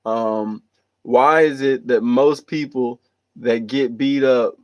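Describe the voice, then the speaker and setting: A man's voice: mid-range voice, steady tone, slow. A man hosting a livestream, reading viewer comments and giving earnest, rambling motivational talk with restarts and repeated phrases.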